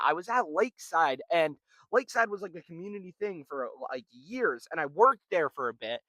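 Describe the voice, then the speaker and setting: A man's voice: high-pitched, pushed and bright, dry recording. A young man telling a rambling, profane story in a casual vlog. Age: young adult. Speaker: vlogger.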